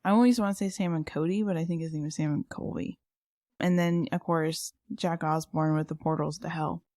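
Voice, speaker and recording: A woman with a deep, darkish, steady voice co-hosts a podcast at a fairly quick pace, captured in studio quality with no room sound. She has lived in San Antonio, Texas, and her casual talk is chatty, peppered with fillers and laughter.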